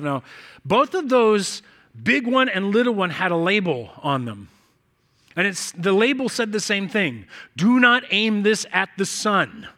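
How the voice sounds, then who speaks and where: High, bright-voiced male pastor preaching. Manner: conversational, storytelling with quick acted-out dialogue. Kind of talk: sermon. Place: church.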